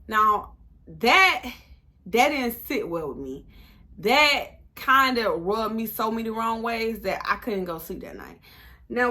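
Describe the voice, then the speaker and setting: Sassy, bright-voiced young woman storyteller. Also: a little high. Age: 20s. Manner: animated, sassy storytelling with quoted back-and-forth. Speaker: vlogger. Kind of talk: storytime vlog.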